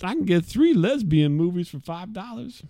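Middle-aged guy, kinda high voice, chatty storyteller doing funny voices, dry close mic. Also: moderate pace, no room sound. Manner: animated storytelling, mimics voices. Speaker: podcast co-host. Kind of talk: casual chat.

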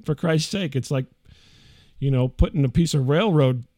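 A man's voice: on the high side, moderate pace, dark tone, dry recording, clean studio sound. A middle-aged man hosting a podcast, telling a rambling, profane story in a casual way. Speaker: podcast host.

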